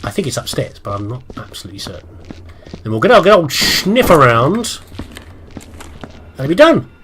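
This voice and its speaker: A man's voice: mid-range voice, wildly swooping pitch, normal speed, a bit bright, slight background noise. A British man chatting his way through a video game, rambling and poking fun at himself as he plays. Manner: chatty, self-deprecating, talks to himself while playing. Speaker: let's play host. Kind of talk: rambling gameplay commentary.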